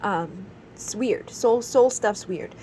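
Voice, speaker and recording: A woman's voice: medium pitch, slow pace, dark tone, slight background noise, poor audio. A woman in her thirties giving a casual tarot reading, rambling with lots of fillers. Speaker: tarot reader.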